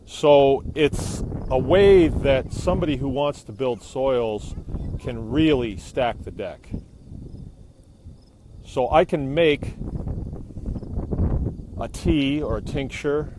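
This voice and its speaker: A man's voice: medium pitch, slow, pauses often, mellow, a little hiss or hum. Easygoing New man outdoors. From New England. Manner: easygoing, rambling, jokey. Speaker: biochar maker streaming live. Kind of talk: casual live-stream demonstration. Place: outdoors beside a burning kiln. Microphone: phone held by the speaker. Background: roar of a fire.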